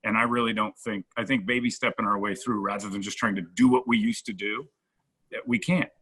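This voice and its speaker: A man's voice: on the low side, a little fast, slightly rough. A middle-aged man, a radio host, telling a comedic backstage story in casual chat. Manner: animated anecdote-telling, acts out quoted lines.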